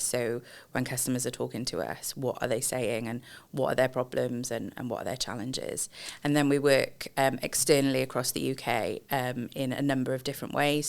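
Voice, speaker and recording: A woman, a customer experience director, explaining in a measured way with frequent pauses and fillers in a podcast interview. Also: very deep voice, vocal fry. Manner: measured, explanatory, many ums.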